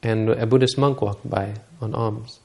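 A man with a low, gravelly voice recounts a Buddhist story during a dharma talk. His tone is dark and flat, and he frequently stops, starts over and corrects himself.

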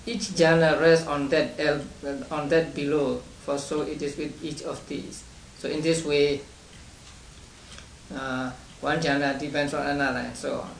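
A man leading a study class on meditation texts, explaining slowly and step by step with frequent restarts and soft chuckles. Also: fairly high pitch, little pitch movement, gravelly. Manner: chuckles between points. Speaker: Buddhist meditation teacher. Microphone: distant room mic. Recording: roomy distant amateur recording with hiss.

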